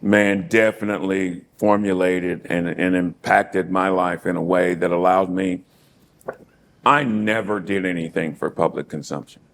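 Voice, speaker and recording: A middle-aged man, a former pro football player, reminiscing as an interview guest in a casual, animated way, laughing often and repeating words. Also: sits low, measured pace, gravelly, a little hiss or hum.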